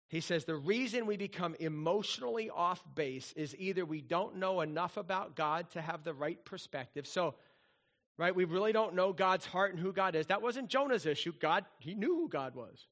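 A middle-aged man preaching a sermon as a pastor, conversational and animated, often acting out quoted voices. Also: high voice, normal speed.

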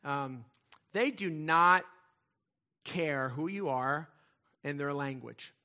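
Speaking slowly in a slightly high voice, a pastor delivers his sermon in a conversational style. He moves between hushed asides and forceful, loud emphasis.

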